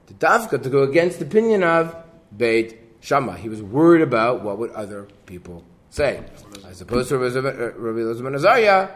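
A man teaching a Talmud class, reading the Aramaic text and explaining it in English with a lively delivery. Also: mid-range voice, brisk, breathy edge. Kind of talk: Gemara class.

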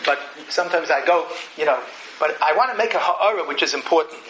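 A man with a high, keen, bright voice delivers an animated Torah lecture. He keeps asking questions and answering them, sprinkling Hebrew and Yiddish terms through his English. Faint noise sits under the recording. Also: a little fast, low-quality recording.

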